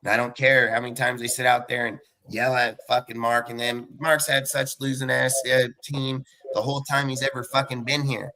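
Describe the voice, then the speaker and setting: A man's voice: mid-range voice, level tone, pushed and bright, poor audio. A man ranting on a live sports fan podcast, heated and profane, tossing in "dude" and "like". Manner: fast and blunt, many fillers like "dude".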